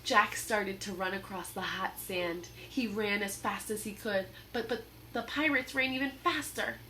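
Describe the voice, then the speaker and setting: A woman reading a children's book aloud in an expressive, dramatic storytelling manner. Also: medium pitch, measured pace, a little hiss or hum. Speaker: storybook reader.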